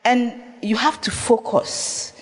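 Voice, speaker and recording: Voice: medium pitch, slow pace. A pastor delivering an emphatic sermon, repeating phrases and firing rhetorical questions at the congregation. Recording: long reverb of a large hall.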